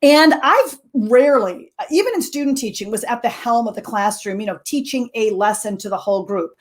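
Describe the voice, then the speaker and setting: A middle-aged woman telling a lively classroom story in a casual talk, with many fillers and quick laughs. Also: on the high side. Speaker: co-teaching expert guest.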